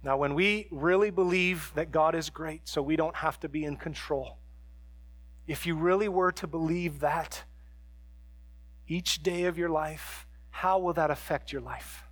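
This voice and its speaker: Male preacher, high bright tenor, shifts from hushed to emphatic, dry close sound. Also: a little slow, dry recording. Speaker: pastor. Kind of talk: sermon.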